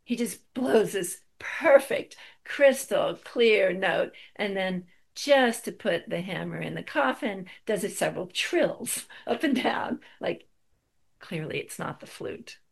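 A woman's voice: mid-range voice, animated, slow, vocal fry, husky. A middle-aged woman giving a spiritual talk, telling a personal story with wry, self-deprecating humor.

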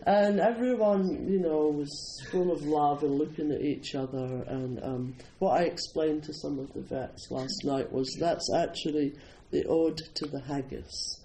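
A man's voice: on the high side, fairly even intonation, unhurried, hardly any pauses, mellow, slight background noise, low-quality recording. A Scottish man from Scotland giving an informal, humorous Buddhist talk, telling stories and often chuckling. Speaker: Buddhist teacher.

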